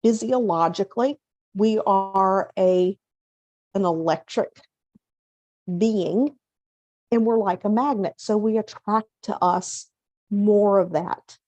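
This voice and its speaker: A middle-aged woman hosting a casual motivational talk, conversational, acting out inner self-talk and slowing down to stress key points. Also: mid-range voice, darkish tone, no echo, highs cut off. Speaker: hypnotherapist and coach, show host.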